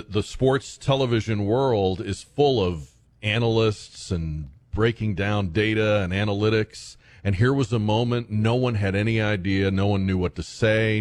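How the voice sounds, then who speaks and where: A man hosting a radio talk show, talking in a halting, searching way with many fillers and restarts. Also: lowish voice, a little mellow, no echo. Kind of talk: casual radio chat.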